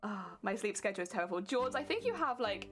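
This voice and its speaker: Over clearly audible plucked guitar, a young British woman talks fast through a late-night crafting live stream, her medium-pitched voice swinging widely in pitch. A cosplay streamer, she's chatty and giggly, laughs frequently, sounds a bit sleepy, and calls out viewers by name to thank them.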